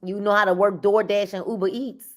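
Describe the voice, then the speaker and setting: A woman hosting a casual group chat, lively and laughing. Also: medium pitch, a little fast.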